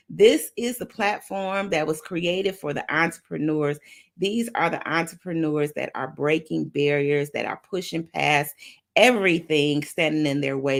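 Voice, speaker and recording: A woman's voice: low-pitched, measured pace, vocal fry. A woman hosting a live motivational affirmation stream, repeating phrases in a preacher-like call-and-response. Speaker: motivational talk show host.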